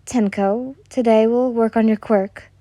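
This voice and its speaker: A woman voicing a loving mother who speaks softly and dotingly to her child. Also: fairly high pitch, fairly even intonation, unhurried, no echo, studio quality, close to an everyday voice. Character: loving, sometimes stern young mother.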